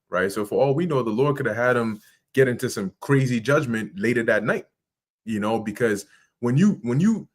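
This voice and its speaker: A man co-hosting a religious podcast, reflecting aloud in a casual, hesitant way. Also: medium pitch. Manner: reflective, thinking aloud, filler-heavy.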